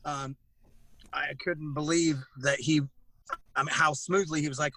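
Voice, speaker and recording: A man's voice: on the high side, steady tone, moderate pace, poor audio. A man who sings in a band, telling stories in casual chat and laughing often. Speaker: singer in a band, guest.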